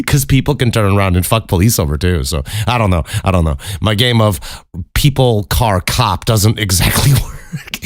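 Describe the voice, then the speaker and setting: A man's voice: fairly low pitch, animated, a little slow, no echo, clean studio sound. An American man hosting a podcast, telling stories in a rambling, profane way and laughing often. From United States. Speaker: podcast host. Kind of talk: casual storytelling monologue.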